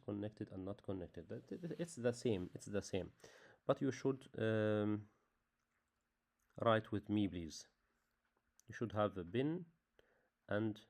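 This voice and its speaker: A man with as his teaches a beginners' lesson in halting English. His voice is low and mellow, and he speaks slowly, repeating himself patiently. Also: gravelly. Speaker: Arabic teacher.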